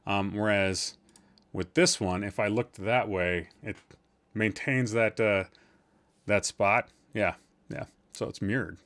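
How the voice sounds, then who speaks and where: A man's voice: lowish voice, takes it slowly, a bit bright. Rambling, joking man hosting a live stream. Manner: rambling, joking and teasing with the chat. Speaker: podcast host streaming live. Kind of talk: casual live-stream chat.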